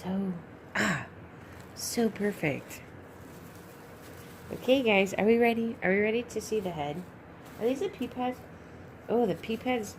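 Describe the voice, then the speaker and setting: A woman opening a doll box on her vlog, gushing with breathy exclamations as she talks to viewers. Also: lowish voice, noisy background. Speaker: reborn doll collector and YouTuber. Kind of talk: unboxing vlog chat.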